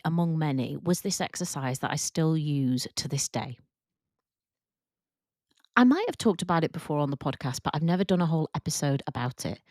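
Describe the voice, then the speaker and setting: A woman podcast host talks through a personal experience, candid and reflective. Her voice sits a little low and she lets her feelings show softly. The recording is close and dry, with no room sound. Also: no room sound. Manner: soft, reflective and openly emotional, with casual fillers. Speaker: podcast host and work confidence coach.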